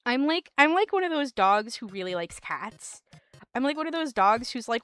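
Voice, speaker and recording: A woman's voice: a little high, expressive, moderate pace, fairly bright tone. A woman streamer chatting casually with her live chat, rambling and giggling often with lots of "like".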